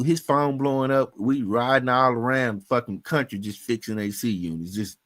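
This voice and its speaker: A man's voice: mid-range voice, normal speed, few pauses, a bit bright, no echo. Man, from Louisiana, casual chat, profane, storytelling, acts out quotes, dry close sound. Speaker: podcast guest.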